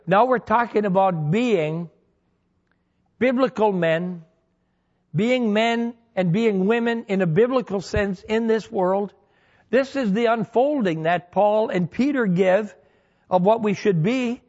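A man with a high voice preaches a sermon, using homely, humorous stories to drive home his points in a folksy way. He's from Michigan, and the recording has its high frequencies cut off.

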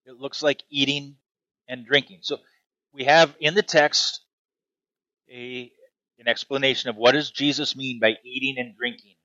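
A man preaching a sermon, emphatic, swinging from loud declarations to hushed asides. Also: medium pitch, fairly even intonation, a little slow, pauses often, no room sound, highs cut off. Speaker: pastor.

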